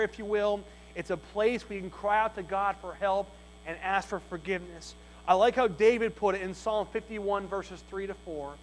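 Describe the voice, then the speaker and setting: A male preacher with a very high-pitched voice delivers an emphatic evening sermon, repeating his points again and again. A low mains hum runs under the recording. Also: rough recording. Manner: emphatic, repeats key phrases.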